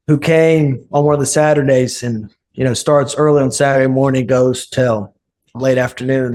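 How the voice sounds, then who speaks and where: A man of middle pitch speaks as a podcast guest, earnest and unhurried in his storytelling. He slips into the voices of the people he quotes, then returns to his own even tone. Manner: earnest, acts out quoted speech. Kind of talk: casual storytelling interview.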